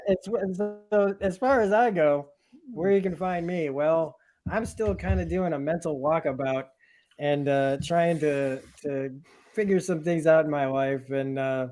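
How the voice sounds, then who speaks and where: A man hosting a casual year-in-review livestream, talking in a relaxed, rambling, self-deprecating way. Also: fairly high pitch, measured pace. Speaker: livestream host. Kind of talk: casual chat.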